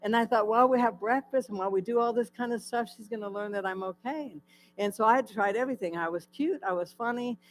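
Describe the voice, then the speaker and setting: A woman's voice: fairly high pitch, fast, faint music behind, rough recording. A woman giving her personal testimony at a church in a candid, conversational storytelling way. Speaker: guest speaker sharing her testimony.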